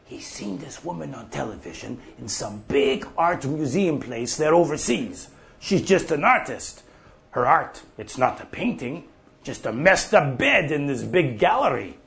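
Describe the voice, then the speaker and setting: An actor playing an older farmer off the drink who tells profane, folksy stories. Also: male voice, mid-range voice, sing-song, a little slow, creaky, fairly bright tone, exaggerated voice. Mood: rambling. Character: older male prairie farmer off the drink, gruff storyteller. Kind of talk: monologue.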